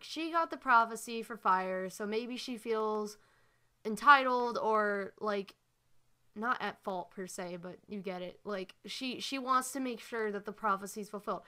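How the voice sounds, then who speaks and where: A woman with a slightly high, sharp voice makes a fan analysis video, ranting in frustration. She sighs as she works through her points and fills her speech with lots of fillers.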